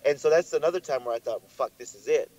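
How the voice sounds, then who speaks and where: A young man co-hosting a podcast, telling a story in a lively way and swearing often, his voice jumping up when he gets worked up. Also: mid-range voice, fast, lo-fi sound. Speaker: podcast co-host. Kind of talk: casual chat.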